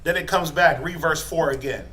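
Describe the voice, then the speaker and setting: A middle-aged man teaching a Bible class, quizzing his students and tagging his points with "right?", building to forceful emphasis. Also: on the high side, moderate pace, a little hiss or hum. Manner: asks the class questions, tags lines with "right?".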